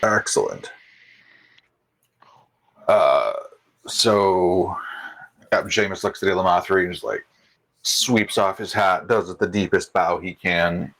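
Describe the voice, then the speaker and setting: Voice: deep voice, slow, pauses often, fairly bright tone, poor audio. A game master narrating a tabletop role-playing game in a loose, casual way.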